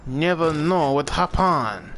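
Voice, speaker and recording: A man's voice: fairly high pitch, animated, takes it slowly, fairly bright tone. A young man chatting casually as he streams a game, laid-back and thinking aloud while he plays. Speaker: gaming streamer. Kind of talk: casual live gameplay commentary.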